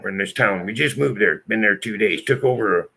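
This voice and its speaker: A man's voice: on the low side, fast talker, vocal fry, pushed and bright, slightly rough. A man telling a story to friends in a blunt, profane, emphatic way. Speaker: channel host telling a story. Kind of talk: casual storytelling.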